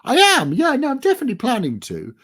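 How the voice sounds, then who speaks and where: A man's voice: very high-pitched, huge pitch swings, fast, a bit bright. A man being interviewed as an author, chatting casually in a self-deprecating, rambling way. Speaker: author guest.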